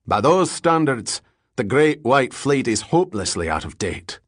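A man's voice: mid-range voice, big pitch swings, a little slow, no room sound, studio quality. A man voicing a big, jovial, drunk Scottish ex-boxer in his forties, with a Scottish accent and a hearty, rolling way of talking. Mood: scoffing. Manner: hearty, evasive, rolling speech.

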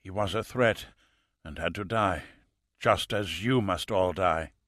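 A man voicing a cold, fanatical male assassin with a faint European accent, speaking quietly and slowly as he fades. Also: deep voice, no echo, clean studio sound. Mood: cold, fading. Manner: quiet, hushed and slow, fading breath.

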